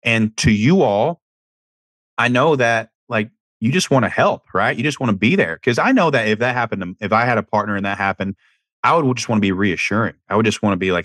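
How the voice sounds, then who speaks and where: Man, podcast host, deep voice, dry close sound, candid, conversational, restarts sentences. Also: a little fast, a bit bright, no room sound. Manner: candid, conversational, repeats words when restarting. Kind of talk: casual advice talk.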